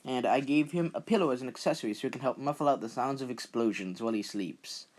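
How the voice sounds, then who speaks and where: This young channel host talks fast in a medium-pitched, darkish voice. His casual vlog commentary rambles, pokes fun at himself, and frequently repeats words.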